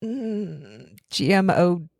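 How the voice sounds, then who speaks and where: A woman co-hosting a podcast in casual chat, giggly and quick to jump between tangents. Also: lowish voice, animated, vocal fry, a little mellow, dry recording, clean studio sound. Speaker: podcast co-host.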